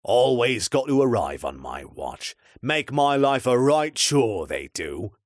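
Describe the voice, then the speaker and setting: A man voicing a grumpy, gruff old man who tends a fire, talking in a rough, colloquial way. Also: medium pitch, big pitch swings, slow pace, dry recording, studio quality, pitched above the performer's own voice. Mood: grumbling.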